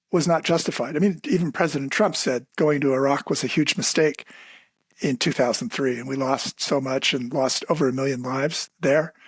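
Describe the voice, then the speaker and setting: A man, a physician, speaking as a guest on a podcast in a measured, earnest way. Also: mid-range voice, husky, no echo. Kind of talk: conversational podcast interview.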